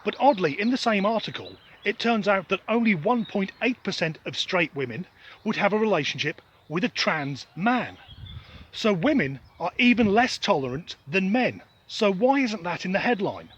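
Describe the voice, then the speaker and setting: Outdoors in the wind, a middle-aged vlogger from Norfolk, England, with a generic Southern English accent delivers a blunt, sweary, sarcastic opinion monologue. His high voice is sing-song, a bit bright and slightly rough, at a moderate pace, on a lo-fi recording.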